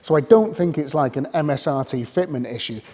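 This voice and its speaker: A man's voice: a little high, lively intonation, brisk, dark tone, long reverb tail. A man with a British accent talking candidly and chattily in a casual car review vlog, often restarting sentences mid-thought. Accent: British English. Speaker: car vlogger.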